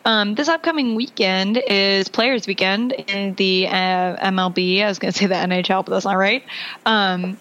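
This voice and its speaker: A woman co-hosts a casual podcast in a relaxed way. She pauses on ums and checks her own memory as she talks. Her pitch is mid-range. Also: highs cut off. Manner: easygoing, hesitant, many ums. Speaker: podcast co-host. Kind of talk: casual chat.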